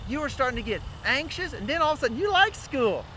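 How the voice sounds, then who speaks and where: High-voiced man telling a kids' story. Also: quick pace, slight background noise, poor audio. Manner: animated, addresses kids directly. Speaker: children's storyteller. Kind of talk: children's story narration.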